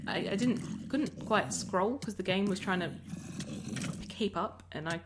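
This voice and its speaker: A woman's voice: mid-range voice, expressive, a little slow. Australian woman narrating her own gameplay, talkative and meandering, mid-range voice, slight hiss behind. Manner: rambling, self-interrupting, chatty. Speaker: Minecraft let's player. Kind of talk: casual gameplay commentary.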